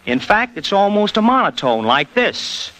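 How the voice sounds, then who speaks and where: Radio mimic guest, bright, lively and joking, vintage interview sound. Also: male voice, sits high, normal speed, poor audio. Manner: jokey, explanatory.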